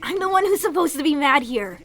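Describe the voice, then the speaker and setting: A woman reading game dialogue aloud, voicing an angry, foul-mouthed young man who talks loud and scornful. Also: high-pitched, big pitch swings, brisk, a little hiss or hum.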